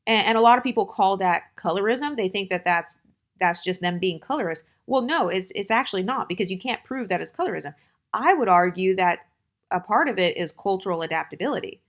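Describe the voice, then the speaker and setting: A woman's voice: medium pitch, lively intonation, fairly quick. An American woman hosting her channel, giving dating advice in a blunt, opinionated, chatty monologue full of fillers. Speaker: channel host.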